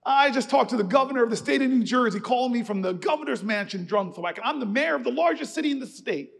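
A man delivers a keynote like a sermon, his very high voice carrying a gravelly edge. He moves from storytelling to rousing, shouted repetitions, and his words ring out through a long, echoing church hall. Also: lively intonation, quick pace. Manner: storytelling that builds to shouted, rhythmic refrains. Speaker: keynote speaker. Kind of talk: preacher-style keynote speech.

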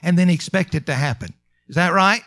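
High-voiced emphatic male preacher. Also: creaky, a bit bright. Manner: emphatic preaching, drawn-out slow phrases and rising calls. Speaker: pastor. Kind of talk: sermon.

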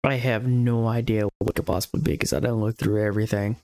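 A man's voice: fairly low pitch, fairly even intonation, fast talker, a little mellow, dry recording. A young man streaming a game, muttering to himself as he checks items and fixes his stream. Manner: muttering to himself while browsing. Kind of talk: casual live-stream commentary.

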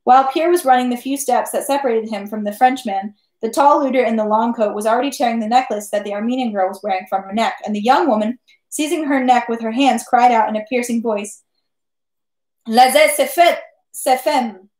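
A woman reading a classic novel aloud at home, steady with occasional slips and self-corrections. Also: a little high, quick pace, reverberant. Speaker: reader.

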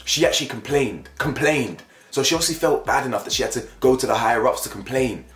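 A young man giving a heated opinion commentary for his vlog, emphatic and animated, repeating phrases to drive his point home. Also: mid-range voice, fast. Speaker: YouTube commentator. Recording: echoey room with faint music bed.

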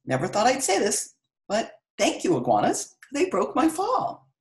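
A spry, cheerful old grandmother, tough as nails and a little kooky, as a woman reading a storybook puts her on. Her voice rides up high and bounces with lively swings in pitch as she brushes off trouble. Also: unhurried, roomy sound. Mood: chipper. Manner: chipper, upbeat and high.

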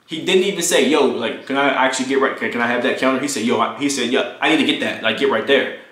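A young man telling a storytime vlog story, animated and profane, acting out the quoted lines as he goes. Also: medium pitch, fast. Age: young adult. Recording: echoey room.

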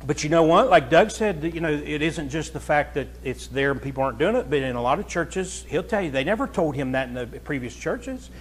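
A man's voice: a little high, expressive, fairly quick, hardly any pauses, breathy edge. A pastor preaching a conversational, folksy sermon to his congregation, chatting with listeners and then building to emphatic, raised points.

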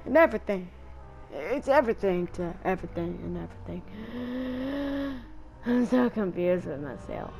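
A woman giving casual, playful gameplay commentary and taunting her opponents out loud. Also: medium pitch, expressive, unhurried, vocal fry, pauses often, faint music behind. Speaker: gamer.

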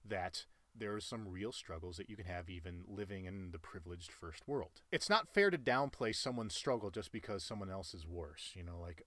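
A man in his late twenties talking earnestly and emphatically about life lessons, with sudden loud jumps in pitch. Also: animated, moderate pace, hardly any pauses, no echo. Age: late 20s. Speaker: cartoon channel creator. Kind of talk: personal life-lessons monologue.

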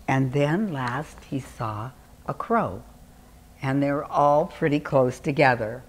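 An older woman reading a children's story aloud with expressive, animated delivery. Her voice sits low but moves a lot in pitch, and she takes her time. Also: slow pace.

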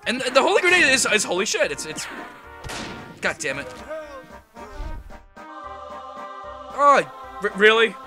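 A man giving casual, rambling commentary while playing a game, excitable and swearing freely. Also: very high-pitched, slow, pauses often. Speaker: gameplay commentator. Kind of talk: casual let's-play commentary. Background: game music.

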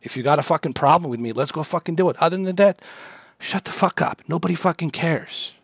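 A man's voice: a little high, brisk, gravelly, husky, no echo, clean studio sound. Furious, foul-mouthed streamer man. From Bosnia. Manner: profane, aggressive, threatening. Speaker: livestreamer. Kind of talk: angry livestream rant at a chat troll.

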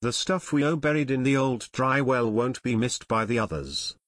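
A man's voice: mid-range voice, normal speed, a bit bright, dry recording, lightly acted. A man voicing a scheming adult male gang leader in an audiobook.

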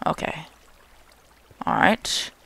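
A young man hosting a gaming channel gives jokey, excitable let's play commentary, drawing out his words and talking to the game's monsters.

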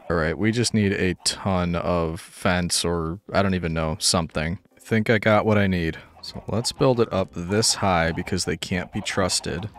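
A man's voice: low-pitched, fairly even intonation, a little slow, few pauses. A man narrating his gameplay casually with dry, wry humor, talking to the animals as he goes. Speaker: gaming YouTuber.

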